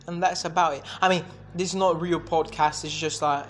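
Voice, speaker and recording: A man's voice: a little high, steady tone, brisk, hardly any pauses, fairly bright tone, a little hiss or hum. Rambling, swearing male podcaster. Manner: rambling, swears freely, jumps between subjects, acts out mock dialogue. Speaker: solo podcast host. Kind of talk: casual solo monologue.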